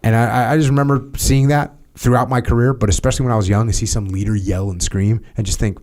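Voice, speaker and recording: An American man, a former Navy SEAL leader, talking through leadership in a steady, matter-of-fact podcast conversation with casual fillers. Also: medium pitch, fast talker. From United States.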